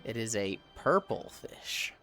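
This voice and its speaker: A livestreamer chats through a fishing game, swearing liberally and sighing often between comments. The medium-pitched voice is very animated yet slow, with a sharp tone and soft music underneath.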